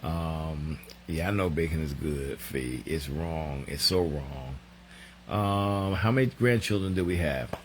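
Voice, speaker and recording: Deep-voiced joking man. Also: a little hiss or hum. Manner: joking, laughs often, drawn-out reading aloud. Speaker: co-host of a married couple's live show. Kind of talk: casual live-stream chat reading viewer comments.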